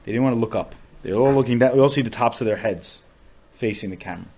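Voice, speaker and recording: A man, a rabbi on a podcast, tells a story with strong feeling, often saying "like" and dropping to a hushed voice at sad moments. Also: mid-range voice, quick pace. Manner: emotional storyteller with frequent "like" fillers.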